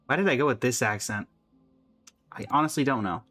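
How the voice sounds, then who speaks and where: A man livestreaming a game, talking in a relaxed, chatty way to his viewers. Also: mid-range voice, fairly quick, long pauses, faint music behind. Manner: relaxed, chatty, talks to chat. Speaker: streamer. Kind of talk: casual game livestream chat.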